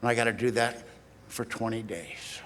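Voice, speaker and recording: A man's voice: medium pitch, normal speed, fairly bright tone, slight background noise. A man in his sixties from Southern California, telling his recovery story at a meeting in a blunt, streetwise, self-mocking way. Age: 60s. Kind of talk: sharing a personal story from a podium. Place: large hall. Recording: archival recording in a long-reverb hall.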